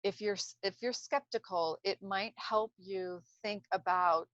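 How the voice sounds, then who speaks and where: Woman, mid pitch, casual rambling delivery with restarts; lo-fi, dead-dry sound. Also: steady tone, a little slow, fairly bright tone, no echo. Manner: rambling, searching for words, frequent restarts. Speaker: speaker on trauma recovery. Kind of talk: casual unscripted talk to camera. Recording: dull lo-fi self-recording.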